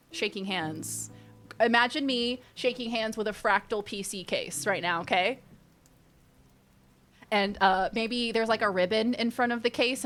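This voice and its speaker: A young woman streamer chatting casually, reading and answering her chat with sudden squeals of excitement. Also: medium pitch.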